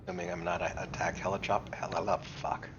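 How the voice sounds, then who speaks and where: A man's voice: sits low, flat delivery, brisk, dull audio, a crowd in the background. A man on voice chat giving raid callouts and cracking dry, sarcastic jokes. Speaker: raid teammate. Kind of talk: casual voice chat with game callouts. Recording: game music behind.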